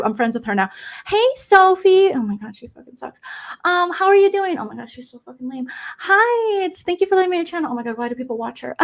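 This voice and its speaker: A woman doing a comedic impression of a catty, self-absorbed 54-year-old female streamer, rambling and gossipy with valley-girl fillers. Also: high-pitched.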